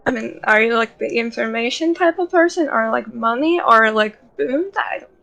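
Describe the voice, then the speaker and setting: A woman's voice: on the high side, lively intonation, moderate pace, creaky, fairly bright tone. A woman playing in a tabletop game, speaking hesitantly with many fillers, nervous in character. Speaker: player.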